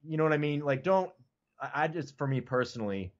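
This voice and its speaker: A man's voice: on the high side, lively intonation, a little fast, muffled recording. A man in casual podcast chat as a guest, talking loosely and profanely and leaning on "like" and "you know what I mean.".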